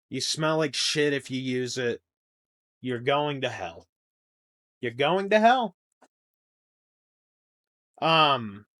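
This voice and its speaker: On his comedy podcast, a young host delivers a rambling, crude monologue that shifts from loud outbursts to quiet mumbles.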